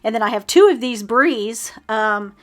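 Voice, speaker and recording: A woman's voice: fairly high pitch, lively intonation, measured pace. A woman, chatting casually through a home decluttering video with frequent ums and little laughs at herself. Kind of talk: casual how-to voice-over.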